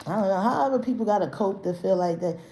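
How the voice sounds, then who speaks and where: A woman hosts an unscripted livestream rant, expressive and fast in a warm mid-range voice, brash, profane and confrontational as she rambles with slang and restarts. There's roomy echo and slight background noise.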